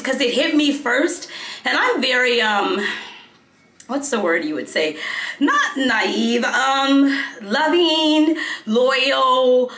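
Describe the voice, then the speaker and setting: A woman's voice: high voice, slow pace. Chatty woman vlogging in an echoey room. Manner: chatty, animated storyteller who jumps between topics. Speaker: beauty and fragrance vlogger. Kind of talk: casual chat while getting ready.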